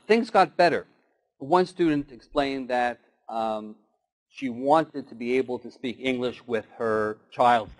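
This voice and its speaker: Male keynote speaker, mid-pitched, storytelling delivery for a motivational talk. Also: low-quality recording. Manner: storytelling with acted animal voices.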